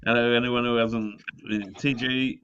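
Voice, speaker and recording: A man's voice: medium pitch, little pitch movement, unhurried, lo-fi sound, noisy background. A man joining a live call, throwing in crude joking remarks. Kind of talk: casual chat.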